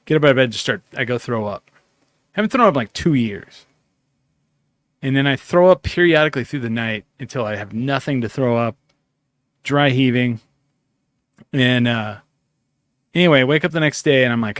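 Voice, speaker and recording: A podcast host with a medium-pitched voice speaks at a moderate pace, pausing often, in a recording with no echo. He tells a long story in a loose, rambling, profane way, acting out bits of dialogue as part of a casual storytelling chat.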